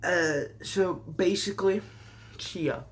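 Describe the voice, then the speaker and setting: A man's voice: sits high, slow. A man casually recapping a show with sarcastic, rambling asides and mock surprise. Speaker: show reviewer.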